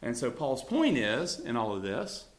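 A man's voice: mid-range voice, very animated, a little slow, roomy sound. A man leading a Bible study in a conversational teaching style, chuckling often and talking loosely with fillers.

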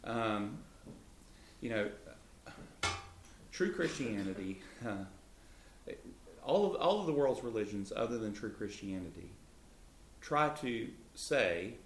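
Animated male Bible teacher, echoey room. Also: takes it slowly, pauses often, slight background noise. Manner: lively, pitch jumps up when voicing Jesus. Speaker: co-host of a Christian talk show.

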